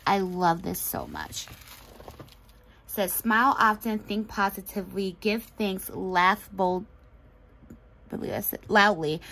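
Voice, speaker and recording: A woman's voice: medium pitch, gravelly, fairly bright tone, low-quality recording. A woman hosting a casual craft unboxing, chatty and gushing, laughing often. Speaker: craft channel host.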